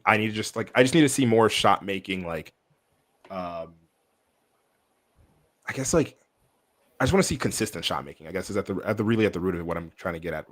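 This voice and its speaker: Low-voiced rambling podcast man. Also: a bit bright. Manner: rambling, heavy on fillers. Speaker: podcast co-host. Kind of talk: casual sports podcast chat.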